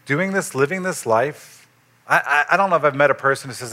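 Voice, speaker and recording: A pastor delivering a sermon in an easy, conversational way. His voice is bright and forceful, sits a little high for a man, and lifts sharply when he drives a point home. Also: fairly quick. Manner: conversational preaching, animated rises for emphasis.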